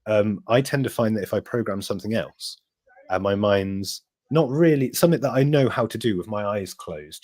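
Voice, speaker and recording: A man's voice: fairly low pitch, no room sound. A man from Wiltshire with a West Country English accent, chatting as a podcast guest, rambling and restarting his sentences. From Wiltshire, England. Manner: rambling, self-interrupting, laughs easily. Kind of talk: casual podcast chat.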